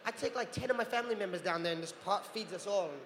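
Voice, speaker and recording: High-voiced man telling stories at a panel. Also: racing. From New Zealand. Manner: animated, acts out other people's voices. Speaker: guest actor on a convention panel. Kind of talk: anecdotal storytelling. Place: large convention hall. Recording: convention hall with reverb and faint noise.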